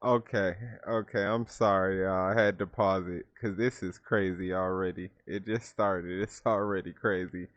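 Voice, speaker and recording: A man hosting a reaction video, talking in a casual, animated and incredulous way. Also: deep voice, moderate pace, few pauses, no echo, muffled recording. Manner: animated, incredulous, laughs often. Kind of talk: casual commentary reacting to a clip.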